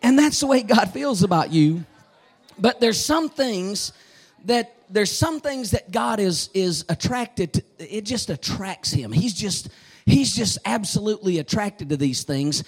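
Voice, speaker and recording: High-voiced preacher man, fervent sermon. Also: animated, a little slow, husky. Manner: fervent, bursts into shouts, repeats phrases.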